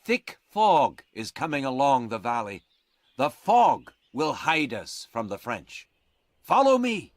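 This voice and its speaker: A steady frontier scout speaks low, slow and careful, as a man reads him in a storybook. His quiet commands carry a lively lift in pitch. The sound is dry and close. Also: dry recording.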